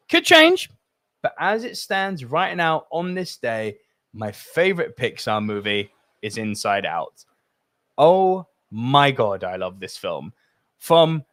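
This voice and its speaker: Male solo podcast host, passionate and rambling, middle pitch, close dry mic. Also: no echo. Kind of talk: solo podcast talk, reading live chat.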